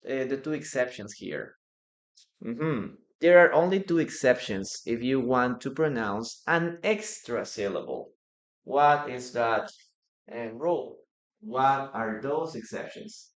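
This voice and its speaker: A male English teacher leads a live online lesson at an unhurried, deliberate pace. He repeats each word and keeps asking the chat questions. His voice rings with a roomy echo. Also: mid-range voice, lively intonation, a bit bright. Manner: patient, repeats words, quizzes the chat.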